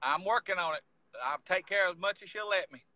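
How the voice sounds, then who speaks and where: A man's voice: sits high, brisk, pushed and bright, no room sound. A man with an eastern North Carolina accent, talking in a plain-spoken, matter-of-fact way during a casual chat.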